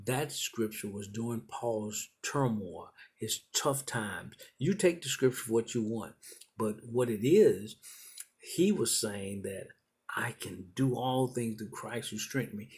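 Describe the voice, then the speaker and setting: A man's voice: lowish voice, a little slow, darkish tone, slightly rough. A middle-aged man preaching a sermon, building in repeated encouraging phrases. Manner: repetitive, encouraging preaching cadence.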